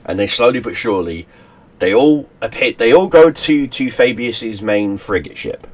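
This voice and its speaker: A man's voice: medium pitch, expressive, moderate pace. A man hosting his channel, casually retelling a story he wrote, rambling with many restarts and fillers. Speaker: channel host. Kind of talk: casual story recap to camera.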